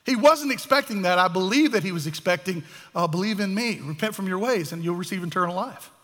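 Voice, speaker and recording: A man preaches a sermon, his voice high and bright. He talks animatedly and slips into the voices of the people in his story. The sound carries the long echo of a hall. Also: a little fast. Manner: animated, acts out voices of biblical figures. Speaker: pastor. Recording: echoey hall.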